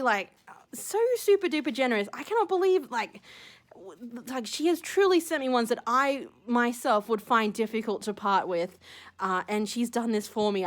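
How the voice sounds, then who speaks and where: Gushing woman, high and lively. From Australia. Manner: gushing, excitable, rambling with many fillers. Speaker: shell-collecting vlogger. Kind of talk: casual unboxing vlog.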